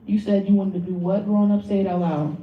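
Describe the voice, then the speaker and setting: A woman's voice: medium pitch, fast talker. Blunt, profane woman leading a workshop. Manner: blunt, profane and animated, addresses the audience directly. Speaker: workshop speaker. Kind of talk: live motivational workshop talk. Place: lecture room with an audience. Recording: phone-like audio from far in an echoey room.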